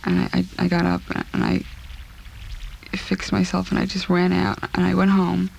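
A woman recounting a personal ordeal in an interview, speaking in a halting, subdued way and repeating herself. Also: fairly low pitch, completely flat delivery, creaky, a little mellow, a little hiss or hum.

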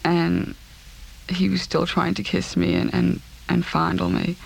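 A woman recounting a personal ordeal in an interview, speaking in a halting, subdued way and repeating herself. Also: lowish voice, little pitch movement, vocal fry, slightly rough.

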